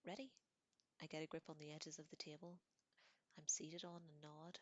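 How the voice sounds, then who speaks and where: A woman giving a soft, half-whispered reading of a novel in a low-key way, with small slips. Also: flat delivery, brisk, dry recording. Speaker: audiobook reader.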